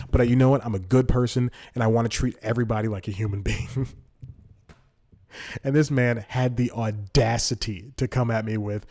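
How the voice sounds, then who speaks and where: A man's voice: medium pitch, steady tone, normal speed, darkish tone. A man in his twenties hosting a comedy podcast, telling a story in a rambling way, restarting sentences and laughing at himself. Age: 20s. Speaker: podcast host.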